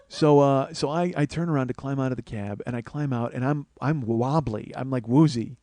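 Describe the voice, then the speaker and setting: A man's voice: mid-range voice, normal speed, mellow. Profane man telling a comic story. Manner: profane, rambling, self-mocking storyteller. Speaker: comedy podcast host.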